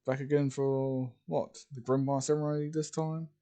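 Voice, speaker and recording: A man's voice: mid-range voice, level tone, moderate pace, mellow, natural voice. A man voicing an old man who leads a magic ceremony, matter-of-fact.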